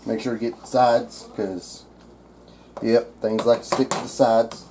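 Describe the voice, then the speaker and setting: Southern-accented man, home cooking vlog, crude jokey asides, mid-pitched voice, loud kitchen clatter behind. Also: level tone, slow, a little hiss or hum. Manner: crude, profane, joking asides. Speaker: cooking vlogger. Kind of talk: casual cooking demonstration. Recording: kitchen clatter of pots and cutlery. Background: clinking dishes and utensils.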